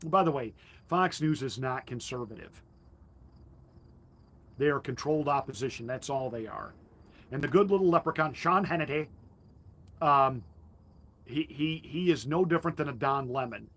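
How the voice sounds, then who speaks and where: A man's voice: medium pitch, normal speed, long pauses, fairly bright tone. A male pastor delivering a combative, mocking political commentary monologue with emphatic jabs.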